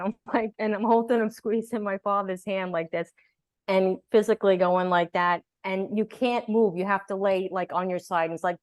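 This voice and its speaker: A woman guest in an interview, telling her story in a lively way and acting out what people said. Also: mid-range voice, brisk, no room sound, studio quality. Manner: animated storyteller, acts out quotes. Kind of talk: conversational interview.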